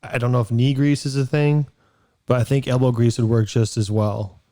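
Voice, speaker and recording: A man's voice: mid-range voice, normal speed, dark tone. A man co-hosting a podcast, playing a fussy, questioning patient in an improvised comedy sketch. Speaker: podcast co-host.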